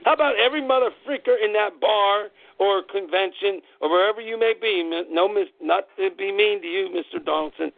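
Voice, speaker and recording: A man's voice: high voice, fairly quick, gravelly, few pauses, no echo. A man hosting an internet radio show, delivering a fired-up, profane political rant in angry bursts. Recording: tinny phone-line audio, dry.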